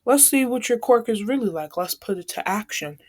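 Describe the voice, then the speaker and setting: A woman's voice: fairly high pitch, animated, fairly quick, a little mellow, no echo. A woman voicing an arrogant, hot-headed teenage boy bully who sneers and threatens in a casual retelling. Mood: sneering.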